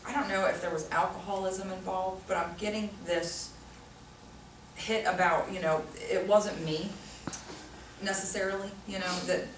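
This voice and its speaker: A somewhat low-voiced woman gives a psychic group reading in a loose, chatty manner, leaning on "you know" as she talks. She is picked up from a distance in an echoey room, with clear noise underneath. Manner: warm, chatty, frequent "you know" fillers. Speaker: psychic medium. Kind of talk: group reading to a live audience. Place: room with a small audience. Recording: echoey room recorded from afar, noisy.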